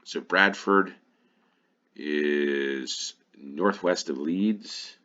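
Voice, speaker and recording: A man's voice: a bass voice, extremely slow, sharp tone, muffled recording. An American man giving casual play-along commentary on a game, musing aloud and thinking to himself. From United States. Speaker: gaming YouTuber.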